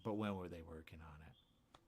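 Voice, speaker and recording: A man hosting a radio morning show, talking casually in a rambling, animated way full of restarts and asides. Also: deep voice, moderate pace. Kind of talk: casual talk show monologue.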